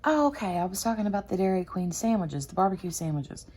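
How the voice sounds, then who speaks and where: A woman's voice: medium pitch, sing-song, fast talker, dark tone, husky. A woman hosting a craft channel, chatting casually and rambling with lots of fillers. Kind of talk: casual chat.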